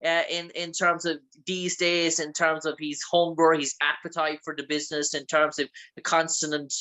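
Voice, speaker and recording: A man's voice: a little high, flat delivery, moderate pace, sharp tone, low-quality recording. A man from Ireland with an Irish accent, interviewing a guest with long, rambling, filler-heavy questions. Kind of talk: casual interview chat.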